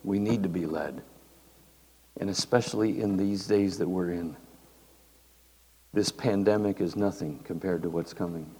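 An older man preaches in a slow, unhurried, folksy way, chatting with the congregation as he goes. His voice sits low and rings out in a large hall with a long reverb. Faint room noise lies under it. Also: mellow, husky. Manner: folksy, conversational. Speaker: pastor. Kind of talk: sermon. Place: church hall.

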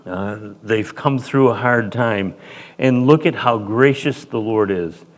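A man preaching through a Bible passage, fervent, dropping into short prayers and swinging between loud emphasis and quiet. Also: lowish voice, slow pace, in a large hall. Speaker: pastor. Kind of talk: Bible-teaching sermon.

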